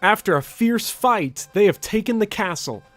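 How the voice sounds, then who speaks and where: A man's voice: high-pitched, lively intonation, normal speed, a bit bright, no echo, faint music behind, pitched above the performer's own voice. A man voicing a young princess from a video game who urgently begs a prince for help. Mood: pleading.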